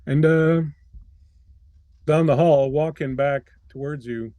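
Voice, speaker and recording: A man's voice: on the high side, fairly even intonation, slow, dark tone, no room sound. A man running a tabletop game as game master, narrating loosely with plenty of fillers and restarts.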